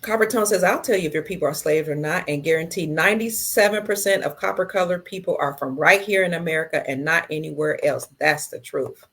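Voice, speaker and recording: A middle-aged woman hosting a casual livestream, reading viewer comments aloud and answering them slowly and tenderly. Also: low voice, a bit bright, husky.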